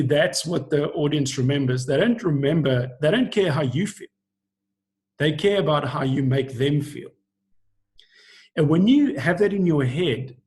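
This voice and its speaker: A man's voice: fairly high pitch, darkish tone. A middle-aged man coaching preachers on a video call, explaining earnestly and acting out lines he quotes.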